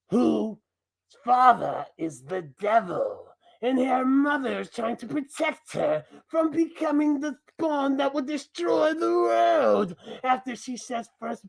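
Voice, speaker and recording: A gravelly, slow-talking mask persona, put on by a man, full of mischief and theatrical delivery. His voice swings widely up and down as he hosts in a review show's chatty format. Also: extremely high pitch, heavily acted. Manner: theatrical, giggling between lines. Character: mischievous male mask persona hijacking the channel. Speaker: review show host.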